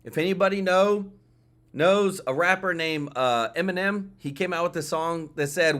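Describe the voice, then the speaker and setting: A man's voice: high-pitched, normal speed, a bit bright. A man hosting a political commentary show, talking emphatically and often repeating himself as he speaks to his viewers. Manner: emphatic, repetitive, addresses viewers and chat.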